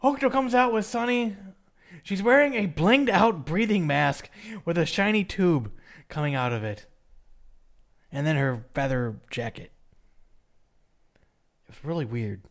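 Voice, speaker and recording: A man's voice: fairly high pitch, unhurried, long pauses. A man hosting a casual podcast chat, rambling through a recap with laughs and restarts. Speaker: podcast host recapping wrestling.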